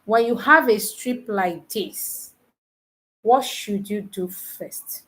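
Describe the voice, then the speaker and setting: A woman tutoring nurses in a live online lesson, teasing her students and quizzing them with repeated questions, counting aloud slowly. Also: medium pitch, a bit bright. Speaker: nursing exam tutor.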